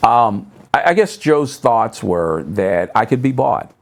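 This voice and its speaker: A middle-aged man, a pastor, telling stories as a guest on a talk show, acting out others' words in sudden higher tones and dropping low on asides. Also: takes it slowly, creaky. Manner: animated storyteller, voices other people's remarks with sharp jumps up in pitch. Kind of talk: storytelling in a talk show conversation. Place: local public access TV studio.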